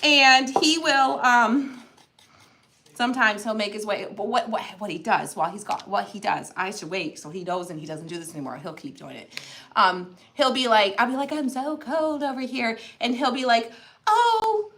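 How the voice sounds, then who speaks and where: A woman's voice: mid-range voice, animated, normal speed, sharp tone. A middle-aged woman chatting animatedly while crafting, telling stories to her viewers. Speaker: craft channel host. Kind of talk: casual chat while crafting.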